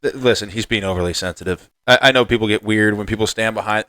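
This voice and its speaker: A man's voice: fairly low pitch, fast, no echo. Dry-sounding man telling profane stories. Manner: profane, animated storytelling. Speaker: comedian. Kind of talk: casual podcast chat.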